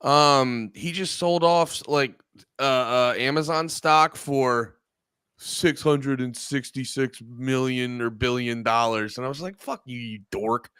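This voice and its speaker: A man's voice: mid-range voice, fairly even intonation, slow, a bit bright, smooth, dry recording, studio quality. Rambling, cursing man in casual chat. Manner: rambling, profane, acts out quotes in mock voices. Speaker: co-host.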